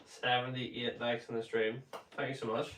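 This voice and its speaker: A man's voice: mid-range voice, level tone, normal speed, very noisy. A man with a Northern Irish accent, a bit congested, casually chatting on his livestream and reading out viewer comments with plenty of fillers. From Northern Ireland. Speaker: livestream host.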